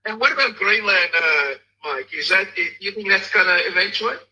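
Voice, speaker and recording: Australian man, chat host, short easy prompts, high and bright voice, radio-like sound. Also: moderate pace, poor audio. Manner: relaxed, brief questions and prompts. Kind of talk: casual chat.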